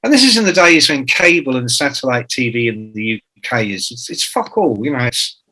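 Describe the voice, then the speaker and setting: Male guest in his 60s, swears freely, acts out quotes, bright crisp tone; fits an interview guest. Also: mid-range voice, animated, brisk, poor audio. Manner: profane, jokey storyteller who acts out quotes. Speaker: author and guest. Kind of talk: anecdotal interview talk.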